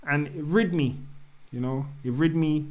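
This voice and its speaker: A man's voice: fairly high pitch, unhurried, a little hiss or hum. A man, a podcast guest telling a personal story in candid, slangy talk and acting out the dialogue. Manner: candid, slangy, acts out dialogue in quoted speech. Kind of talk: casual storytelling conversation.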